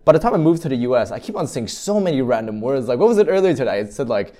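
Fast-talking, chatty man hosting an interview. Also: medium pitch, very animated, dark tone. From Canada. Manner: chatty, rambling, says "like" a lot. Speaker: interview host. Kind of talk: casual interview.

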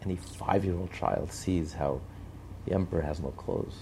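A man's voice: low voice, normal speed, dark tone, a little hiss or hum. A man giving impassioned commentary on politics and morality, driving his points home with repeated rhetorical lists. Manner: emphatic, repetitive rhetorical lists.

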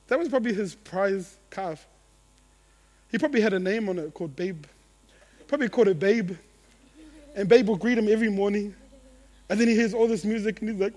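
A man with a fairly high voice preaches to his church with lively energy. He swings between loud, excited bursts and low, quiet stretches, and acts out the people in his story in little voices. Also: fast talker. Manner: animated, acts out quotes, laughs at own jokes. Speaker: pastor. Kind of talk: sermon.

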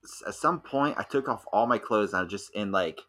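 Bright-voiced young man telling a rambling story. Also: fairly low pitch, brisk. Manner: rambling animated storytelling, many fillers. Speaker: podcast co-host. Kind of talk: casual podcast chat.

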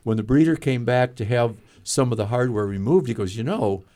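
A man's voice: mid-range voice, a little fast, mellow. A man who is a retired veterinarian co-hosting a casual radio interview, chatty and fond of telling stories. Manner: chatty, storytelling, laughs easily.

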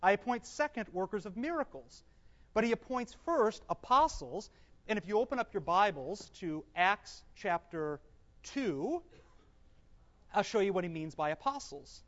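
A Bible teacher giving a class to a live group, reading scripture aloud slowly, explaining it, and quizzing the room with questions he then answers himself. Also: medium pitch, lively intonation, fairly bright tone. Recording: dull, echoey hall recording.

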